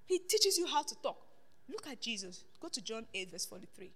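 A woman preaching a sermon, questioning her congregation and swinging between loud declarations and hushed asides. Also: fairly high pitch, very animated, fairly quick, slightly rough. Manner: call-and-response questioning the congregation.

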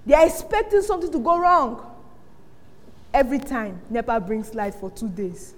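A woman's voice: a little high, moderate pace. A woman pastor preaching a sermon, telling stories and acting out the people she quotes. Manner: animated storytelling, acting out quoted voices, frequent laughter. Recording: long hall reverb.

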